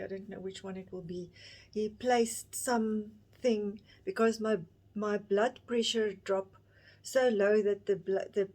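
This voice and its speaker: A woman in her fifties tells a personal story straight to camera, stopping and restarting often as emotion catches her. Her voice sits at an ordinary middle pitch for a woman. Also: warm tone. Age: 50s. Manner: halting, emotional retelling with many restarts. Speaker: vlogger.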